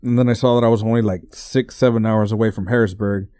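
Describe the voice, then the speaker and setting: Podcast host, twenties, from Texas; dark, relaxed tone, dry booth sound, casual profane rambling with restarts. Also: male voice, fairly low pitch, fast, dry recording. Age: 20s.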